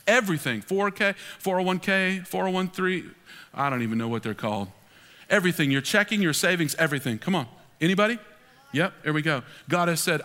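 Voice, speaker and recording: Middle-aged male pastor, forceful, bright, animated sermon, long hall echo. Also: sits high. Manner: emphatic, animated preaching with acted-out quotes. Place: large church hall.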